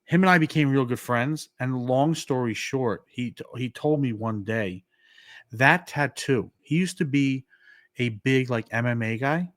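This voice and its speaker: A man's voice: mid-range voice, a little slow, dry recording, studio quality. A man, co-hosting a podcast and telling a story casually, acting out the dialogue and using lots of "like". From New York. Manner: animated, acts out quoted dialogue, many "like" fillers. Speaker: podcast co-host.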